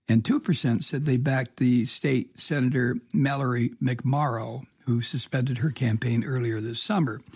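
A man's voice: medium pitch, a little mellow, husky, dry recording, studio quality. An American man giving casual news commentary, angry and sarcastic, swearing, with many ums and uhs. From United States. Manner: angry, sarcastic, profane ranting with many fillers. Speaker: political commentator.

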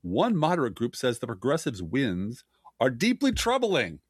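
A man's voice: mid-range voice, wildly swooping pitch, moderate pace, breathy edge, dry recording, clean studio sound. A man co-hosting a casual political podcast, reading news quotes aloud with sarcastic asides. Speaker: podcast co-host.

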